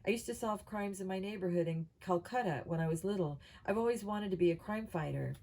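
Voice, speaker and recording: A woman's voice: mid-range voice, brisk, mellow, natural voice. A woman voicing an eager, friendly young male agent-in-training who explains things helpfully.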